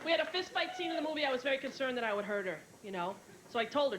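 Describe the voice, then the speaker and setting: A woman in her thirties performing a brash, fast-moving stand-up comedy set, acting out other people's lines, with an audience laughing. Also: sits high, fairly bright tone, rough recording. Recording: old VHS tape with hiss.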